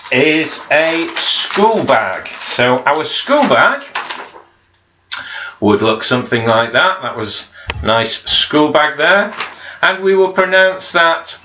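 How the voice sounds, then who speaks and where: A man's voice: mid-range voice, sharp tone, a little hiss or hum. A man teaching a home-learning video lesson to children, patiently modelling and repeating each word. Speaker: primary school teacher. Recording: slightly dull, roomy home recording.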